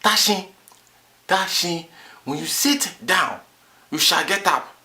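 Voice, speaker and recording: A man hosts a comic language lesson, bragging about himself and then drilling every word by repeating it. His voice sits a little high and sounds bright and forceful. He talks slowly and gives each word its own weight. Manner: boastful, repeats words in drills. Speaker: vlogger teaching words.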